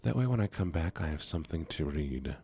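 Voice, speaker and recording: A man streaming a game in a soft-spoken way, chatting with his viewers in a relaxed manner. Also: rumbling low, fairly quick, creaky, slight background noise.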